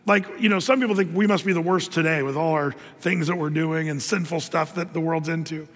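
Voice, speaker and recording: A man's voice: a little high, fairly even intonation, fairly quick, a bit bright. A man preaching a sermon in a loose, conversational way, full of fillers and restarts. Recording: long hall reverb.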